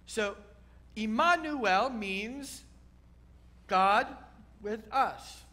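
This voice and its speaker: High bright-voiced guy rabbi preaching slow, hammering the same words over and over. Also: lively intonation. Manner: emphatic, repeats key words, builds to loud peaks. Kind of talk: sermon.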